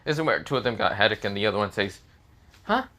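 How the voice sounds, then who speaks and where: Dude rambling thru a fan story, tons of fillers n restarts. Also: male voice, lowish voice, racing, bright, forceful tone, slight background noise. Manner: rambling, filler-heavy, hesitant. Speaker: fan fiction narrator. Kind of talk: casual improvised story narration.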